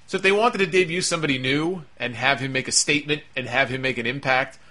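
Bright-voiced sarcastic man recapping wrestling. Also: medium pitch, fast talker. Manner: sarcastic, blunt, swears freely. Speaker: wrestling podcast host. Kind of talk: opinionated show recap.

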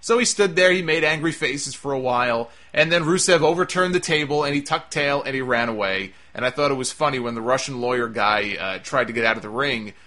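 Sarcastic man ranting with a bright voice. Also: medium pitch, brisk, hardly any pauses. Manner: sarcastic and exasperated, swears freely. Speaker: wrestling show reviewer. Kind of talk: casual ranting review.

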